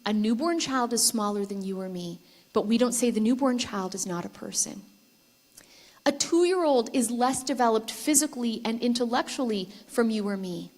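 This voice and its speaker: A woman giving a conference keynote speech, telling stories in a lively way and putting questions to the audience. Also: fairly high pitch, normal speed. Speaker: keynote speaker. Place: conference stage before a live audience.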